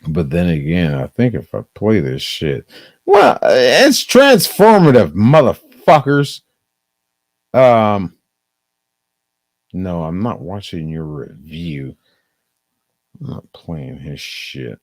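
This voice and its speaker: A man's voice: extremely low pitch, slow, a little mellow, no room sound. A man streaming a casual, profane movie review, rambling and leaning on "um" and "uh". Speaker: live streamer.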